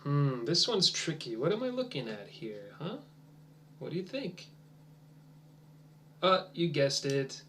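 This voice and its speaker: A man teaching an English lesson as a demonstration for teachers, encouraging and drawn-out, dropping to soft near-whispers while he waits for answers. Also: on the high side, sing-song, a little hiss or hum.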